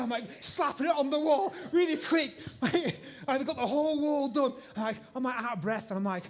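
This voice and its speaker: A middle-aged man, preaching in a church and telling a rambling, animated story full of restarts. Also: extremely high pitch, a little fast, few pauses. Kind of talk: sermon story. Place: church hall with congregation.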